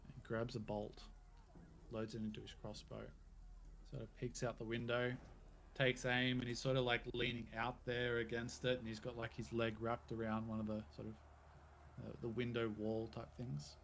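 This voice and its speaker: A man's voice: medium pitch, little pitch movement, moderate pace, a little hiss or hum. A man narrating as game master, with loose, rambling descriptions full of hedging fillers.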